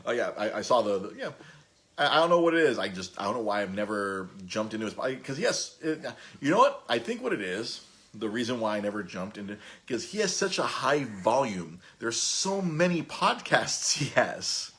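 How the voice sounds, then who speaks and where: A man's voice: fairly low pitch, big pitch swings, moderate pace, fairly bright tone. A man in his thirties hosting a podcast, telling stories in a rambling, laughing way with many restarts. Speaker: podcast host. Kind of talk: casual storytelling chat.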